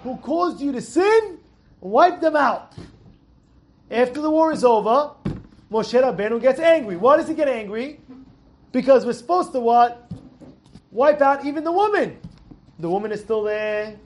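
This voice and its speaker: A man's voice: very high-pitched, animated, a little slow, long pauses, a little mellow. A man giving an informal Torah lesson, full of rhetorical questions and repeated, restarted words. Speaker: Torah teacher.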